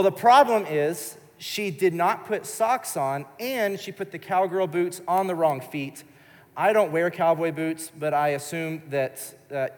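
A man in his thirties preaching a sermon in a church service, telling a personal story in a loose, conversational way. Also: a little high. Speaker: pastor. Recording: live in a large church hall with long reverb.

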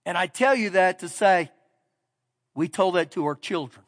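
A middle-aged pastor preaching with a strikingly high voice. He tells a story in a folksy, down-home way, then drives his points home with rising emphasis. His voice rings out with a long reverb through a big church hall. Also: lively intonation, normal speed. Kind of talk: sermon.

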